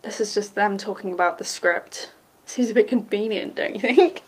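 A woman, casually commenting on a TV episode as she watches, sarcastic and quick to swear and laugh. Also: mid-range voice, husky. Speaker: TV episode reactor.

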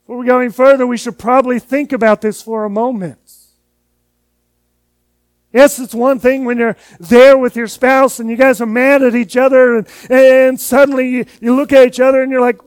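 A man's voice: extremely high pitch, level tone, moderate pace, smooth, dry recording. A man preaching a sermon in an earnest, conversational way, often repeating words as he goes. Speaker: pastor.

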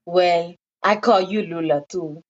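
A woman voicing a motherly older Mexican neighbor who is always offering food, speaking slowly and coaxingly. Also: lowish voice. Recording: dull lo-fi recording.

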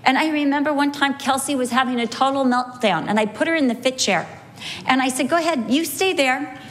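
Animated woman teaching a Bible lesson. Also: sits high. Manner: animated storyteller, slows for emphasis. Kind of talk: sermon teaching with anecdotes.

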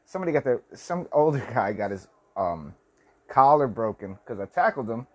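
A man's voice: mid-range voice, big pitch swings, moderate pace, darkish tone, slightly rough. Rambling, cussing man in his forties. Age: 40s. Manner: rambling, profane, lots of restarts. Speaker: vlogger. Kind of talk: casual storytelling vlog.

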